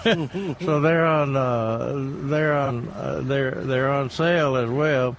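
A man's voice: medium pitch, takes it slowly, crowd noise. A man co-hosting a garden radio show, talking casually with many restarts and repeated words.

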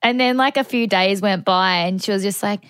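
A woman's voice: medium pitch, normal speed, fairly bright tone, clean tone, no room sound. A young woman co-hosting a podcast, telling a travel story casually, laughing and swearing. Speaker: podcast co-host.

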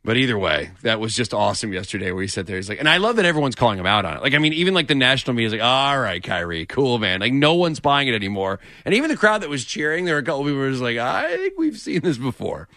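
A sports podcast co-host who talks quickly, teasing and griping with an animated edge. His voice sits dry and close on the mic. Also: medium pitch, no room sound. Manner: ribbing, animated, laughs a lot. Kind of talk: casual sports talk.

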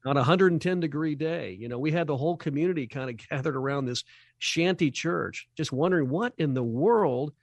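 A man appearing as a charity guest on a radio talk show, speaking earnestly over a video call and slowing down to stress key phrases. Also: mid-range voice, dry recording.

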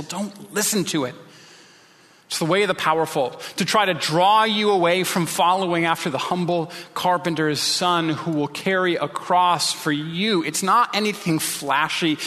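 Male pastor, earnest sermon delivery, bright and slightly high voice, long hall reverb. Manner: earnest, pleading preaching with dramatic drops to a whisper.

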